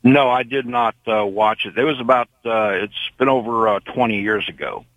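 Older male caller, low-pitched, rambling storyteller on a dry phone line. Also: moderate pace, no echo. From Indiana. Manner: rambling storyteller with many fillers. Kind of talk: phone-in call.

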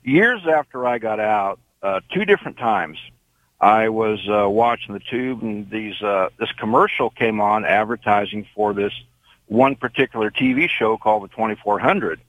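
A man's voice: on the low side, normal speed, fairly bright tone, no echo, low-quality recording. An older man calling in from Indiana, telling a long rambling story with many fillers. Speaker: caller. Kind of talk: phone-in call.

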